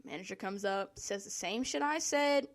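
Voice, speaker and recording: A woman's voice: medium pitch, moderate pace. A young woman telling a profane work story to her vlog audience, laughing often. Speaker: vlogger. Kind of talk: casual storytelling rant. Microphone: solo recording.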